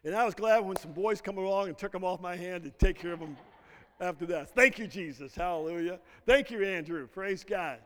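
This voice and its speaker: A middle-aged male pastor with a high, slightly bright voice preaches a sermon at a fairly quick pace, prompting the congregation to finish his lines in call-and-response. A large hall's long reverb fills the recording, with slight background noise.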